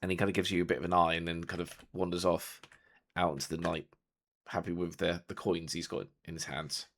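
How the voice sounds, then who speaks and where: Man, game master, very low voice, loose explanatory narration, lots of fillers. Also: level tone, fairly quick, a bit bright.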